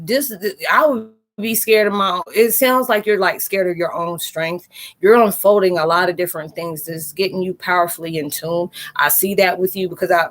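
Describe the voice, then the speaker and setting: An adult woman hosts a casual livestream and talks to her viewers in a halting, rambling way. She reassures them warmly and with plenty of filler words. Her voice sits in a middle register. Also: mid-range voice, poor audio. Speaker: livestream host. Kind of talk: casual livestream chat reading viewer comments.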